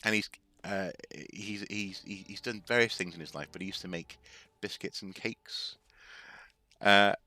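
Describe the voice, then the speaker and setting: Deep-voiced man streaming a game. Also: fairly even intonation, a little slow, pushed and bright. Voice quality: rambling, with many fillers and restarts. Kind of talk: casual gaming commentary.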